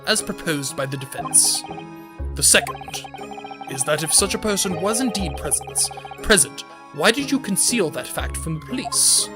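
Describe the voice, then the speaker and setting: A streamer voicing a stern older male judge, formal and measured, in a lowered voice. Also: animated, natural voice. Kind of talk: reading game dialogue aloud on stream. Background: game music.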